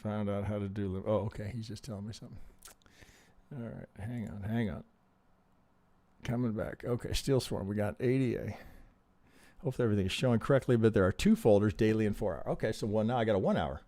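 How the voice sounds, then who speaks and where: A male trading teacher reviews charts on a live stream, talking fast in a low, mellow voice with dry, close sound and no room echo. He's profane and emphatic, acts out how traders react, and keeps asking "right?".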